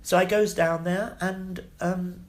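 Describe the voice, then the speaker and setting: An older man, an actor being interviewed, telling anecdotes in a lively, salty way and acting out the voices of the people in his stories. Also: high-pitched, slow pace. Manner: animated, salty, acts out quoted voices. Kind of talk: anecdotal storytelling.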